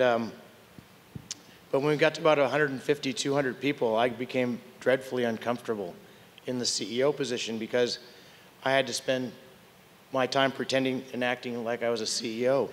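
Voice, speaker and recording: A man's voice: medium pitch, steady tone, fairly quick. An older man on a technology panel, telling candid, wry stories and often restarting his sentences. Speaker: tech panelist. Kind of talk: conference panel storytelling. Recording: long hall reverb.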